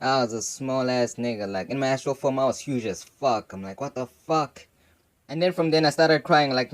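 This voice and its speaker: A man's voice: mid-range voice, normal speed. A young adult man telling a personal story in a loose, slangy way, filling his talk with casual asides. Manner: slangy and loose, full of "you know what I'm saying" fillers. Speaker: channel host.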